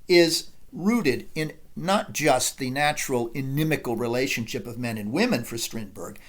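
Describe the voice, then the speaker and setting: A man giving a deliberate, analytical literature lecture as a professor. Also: on the high side.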